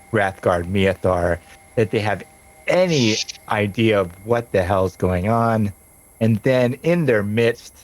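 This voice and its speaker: A man narrating as game master of a tabletop game, rambling with frequent pauses and restarts. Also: on the low side, poor audio.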